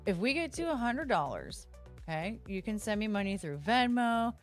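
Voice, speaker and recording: A woman's voice: medium pitch, sing-song, normal speed, faint music behind. A woman hosting a casual livestream, rambling and interrupting herself as she talks to viewers through her phone. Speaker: livestream host.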